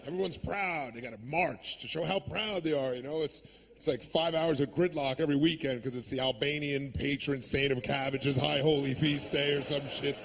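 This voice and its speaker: A man's voice: on the high side, moderate pace, gravelly, fairly bright tone, a little hiss or hum. A man performing a stand-up comedy set, sarcastic and ranting, cursing freely and acting out the people he quotes. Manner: profane.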